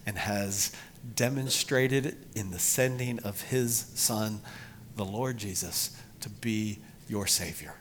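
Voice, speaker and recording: A middle-aged man preaching a sermon to his congregation, emphatic, rising loud for emphasis and then dropping low. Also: takes it slowly, slight background noise. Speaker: pastor.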